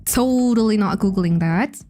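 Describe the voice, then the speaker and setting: A young woman chatting casually on a stream, playful and joking, with a giggly, rambling delivery. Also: high-pitched. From Indonesia. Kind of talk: casual chat.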